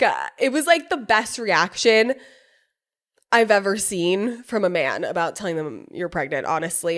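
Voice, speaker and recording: A young woman tells a personal story on her own podcast in a loose, chatty way. She laughs often, swears freely and slips into quick impressions of the people she quotes. Her voice sits in an ordinary mid range. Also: medium pitch. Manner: animated, laughing often, swearing, quoting others in reenacted voices. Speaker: podcast host. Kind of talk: casual storytelling monologue.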